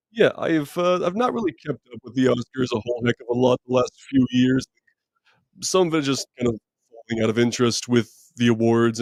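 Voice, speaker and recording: A man whose naturally deep voice sits mid-range in pitch chats with viewers on a live movie stream, meandering through replies with many fillers and restarts in a relaxed way. His streaming mic gives a dry, close sound free of room echo.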